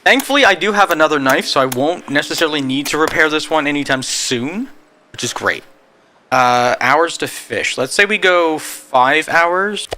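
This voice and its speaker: A young man playing a survival game, switching between excited commentary and narrated recaps. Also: fairly high pitch, moderate pace. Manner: excitable, exclaims and talks to himself. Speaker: gaming video creator. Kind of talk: let's-play commentary with voice-over narration.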